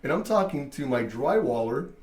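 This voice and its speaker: A man who owns a barbershop telling a story in casual chat, animated, full of fillers and swearing. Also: mid-range voice, normal speed, roomy sound, slight background noise. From Mexican-American from Southern California. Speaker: barbershop owner.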